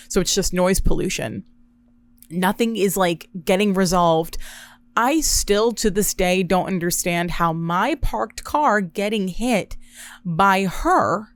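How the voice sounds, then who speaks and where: A young woman hosting a podcast, telling a story in an animated, sarcastic way with quick asides. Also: lowish voice, dry recording. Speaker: podcast host. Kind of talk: casual storytelling monologue.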